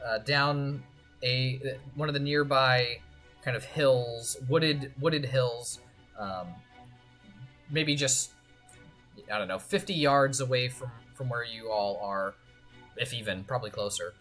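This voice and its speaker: A game master narrating a tabletop game in a halting way, with many fillers and restarts. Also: medium pitch, fairly bright tone, faint music behind.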